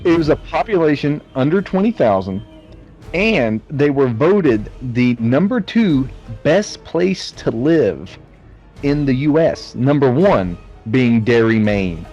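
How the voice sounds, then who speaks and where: A man's voice: medium pitch, sing-song, slow pace, darkish tone, lo-fi sound, faint music behind. A man co-hosting a casual movie review podcast, joking and swearing freely. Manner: profane, jokey. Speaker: podcast co-host.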